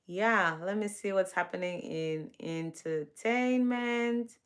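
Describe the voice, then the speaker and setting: A woman's voice: medium pitch, takes it slowly. Woman, livestream host, casual news chat, upbeat and chatty, greets her viewers. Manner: upbeat, laughs between items.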